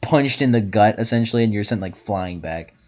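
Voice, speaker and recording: A man narrating as game master in a tabletop game, talking haltingly with many fillers and restarts. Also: on the low side, a little mellow. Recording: dull lo-fi audio with faint music.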